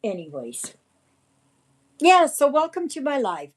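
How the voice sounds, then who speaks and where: A woman's voice: high voice, big pitch swings, measured pace. A woman hosting a casual livestream, rambling in a shaken, indignant way. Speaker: livestream host.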